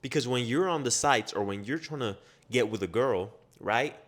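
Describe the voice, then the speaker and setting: A man giving a motivational self-improvement monologue, blunt and profane, firing off rapid rhetorical questions. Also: mid-range voice, lively intonation, a bit bright.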